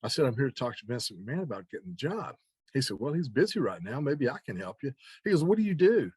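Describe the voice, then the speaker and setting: A man telling an animated anecdote as an interview guest, acting out the other people's lines and laughing along. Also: mid-range voice, quick pace, breathy edge, no room sound. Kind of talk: casual storytelling.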